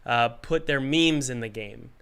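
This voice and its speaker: Bright-voiced man with a cold. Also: medium pitch, a little slow, vocal fry, clear, resonant tone. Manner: energetic, rambling, jokey. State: has a cold, coughing. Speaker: game developer hosting a live Q&A stream. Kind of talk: casual livestream advice.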